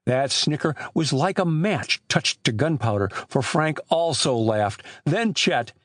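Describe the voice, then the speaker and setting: A man reading an adventure novel aloud as an audiobook narrator, with animated shifts for the characters. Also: mid-range voice, no room sound, clean studio sound. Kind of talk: scripted narration.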